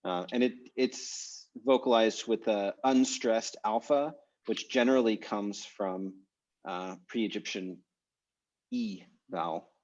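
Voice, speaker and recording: Low-voiced man teaching over a call. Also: takes it slowly, a little mellow, highs cut off. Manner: thinks aloud with many fillers and restarts. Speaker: language teacher. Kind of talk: online class discussion. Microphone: video call.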